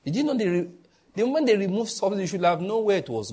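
A man's voice: quick pace, breathy edge. A man with a Nigerian accent preaching a sermon as a pastor, telling stories and acting out the people in them. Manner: animated storytelling, voicing others in a raised pitch.

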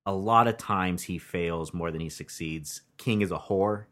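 A man co-hosting a casual podcast, chatty and profane, pausing with many ums as he talks. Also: low voice, a bit bright. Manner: laughs often, profane, chatty with hesitations. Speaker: podcast co-host. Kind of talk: casual movie review chat.

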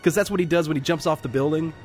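A man co-hosting a casual movie podcast, retelling scenes with lots of swearing and loud acted-out quotes. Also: rapid-fire, soft background music. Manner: animated, acts out movie lines with loud high quotes, swears a lot. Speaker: podcast co-host. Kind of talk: casual movie-review chat.

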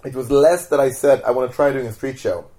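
A man's voice: medium pitch, fast talker. A man from Sweden with a Swedish accent, a guest in a casual interview, telling stories at an easy pace with many "like"s and restarts. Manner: relaxed storytelling with repeated "like" and restarts. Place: home.

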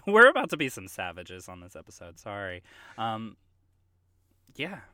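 A man co-hosting a podcast in casual chat, with sardonic, quick-witted banter. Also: lowish voice, huge pitch swings, sharp tone, no room sound, studio quality. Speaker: podcast co-host.

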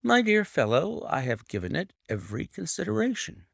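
A man voicing a calm, confident male detective who speaks in a measured, self-assured way. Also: high voice, creaky, no room sound, studio quality, voice pushed up, heavily acted. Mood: resolute. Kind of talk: audiobook reading.

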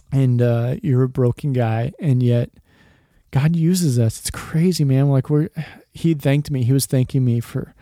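A man's voice: medium pitch, slow pace, pauses often, warm tone, no room sound, studio quality. A man in his thirties hosting a faith podcast for dads, talking in an earnest, rambling way and dropping "man" often. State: choked up, emotional. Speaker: podcast host. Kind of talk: heartfelt podcast monologue.

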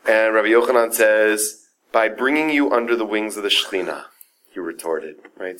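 A man's voice: on the low side, moderate pace. A man teaching a Talmud story in an informal class, talking casually with many fillers and "right?" checks, and acting out the quoted speakers. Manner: lively, acts out the quoted speakers.

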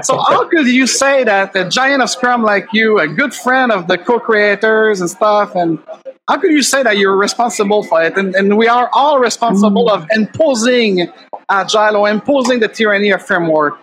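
A man's voice: high-pitched, normal speed, a bit bright. A man hosting a podcast chat, prompting his guests enthusiastically with questions. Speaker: podcast host. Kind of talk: casual chat.

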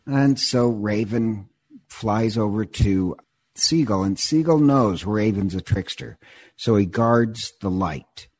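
A man in casual conversation, retelling a myth in an animated, digressive way and often repeating words as he goes. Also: on the low side, slow pace.

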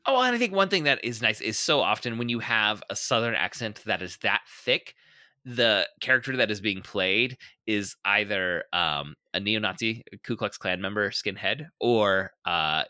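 A man's voice: fairly low pitch, expressive, moderate pace, bright, forceful tone, dry recording, clean studio sound. A man hosting a casual film discussion podcast, chatty and full of trivia, with plenty of fillers. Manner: chatty, sharing trivia with frequent fillers and laughs. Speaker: podcast host.

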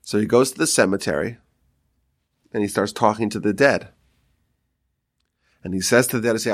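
A man, a rabbi, teaching a Talmud story with animated storytelling and quoted voices. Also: on the low side, normal speed, pauses often.

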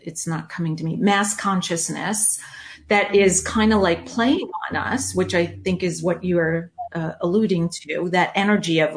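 A woman hosting a podcast interview, chatty and animated, laughing often and pausing to search for words. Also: on the low side. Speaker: podcast host.

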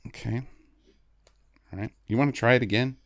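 A podcast co-host in casual comedic chat, retelling a film sarcastically with quick mock voices, swearing and laughing often. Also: medium pitch, steady tone, no echo, studio quality.

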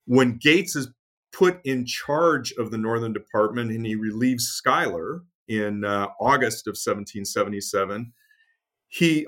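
Speaking in a slightly bright mid-range voice, a male guest author discusses military history during a chatty interview. His delivery is peppered with fillers and restarts, and he brings his stories alive by performing the quotes.

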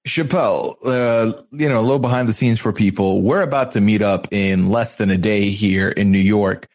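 A man's voice: lowish voice, moderate pace. A man hosting a casual recap show, telling the story with energy and acting out the people he quotes. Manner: animated storyteller, acts out quotes. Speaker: podcast host.

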